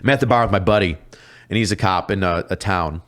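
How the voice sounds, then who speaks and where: A man, a police officer guest on a podcast, telling stories casually with lots of swearing and quick impressions of other people. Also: low voice. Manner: profane, animated, mimics people in his stories. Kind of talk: casual storytelling.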